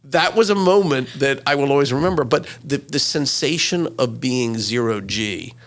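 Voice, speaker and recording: A man in his sixties, a retired news correspondent, telling lively anecdotes as an interview guest, with many fillers. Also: mid-range voice, moderate pace, slight background noise. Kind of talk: interview storytelling.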